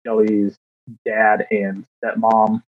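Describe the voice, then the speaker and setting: His voice sits on the low side, monotone, and he takes his time. He's a man of thirty co-hosting a podcast, chatting casually and rambling through self-deprecating stories with plenty of fillers, captured by a dry, slightly dull mic.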